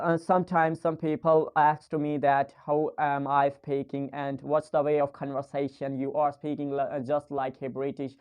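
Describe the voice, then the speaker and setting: A man's voice: fairly high pitch, smooth, lo-fi sound. A young man giving an earnest, repetitive motivational talk to a phone camera, coaching viewers in non-native English.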